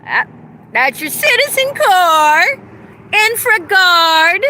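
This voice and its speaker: Outdoors in the cold, a female vlogger rants angrily and profanely into her phone during a livestream. Her voice is very high-pitched, expressive, bright and forceful, at a slow pace, with slight background noise.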